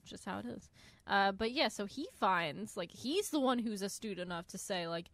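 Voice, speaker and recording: A woman's voice: mid-range voice, expressive, moderate pace, a bit bright, no echo. A woman co-hosting a podcast in casual book-discussion chat, easygoing and agreeable, often saying "look" and "like". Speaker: podcast co-host.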